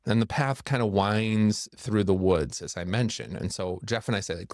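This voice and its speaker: A man's voice: on the low side, normal speed, no room sound, studio quality. Man telling a story with suspense. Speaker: church storyteller. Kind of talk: personal storytelling.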